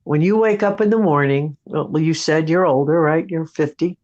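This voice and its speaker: A woman's voice: sits low, normal speed, a little mellow, highs cut off. A woman co-hosting a casual livestream, giving advice and telling stories in a chatty way. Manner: chatty storyteller, acts out friends' voices.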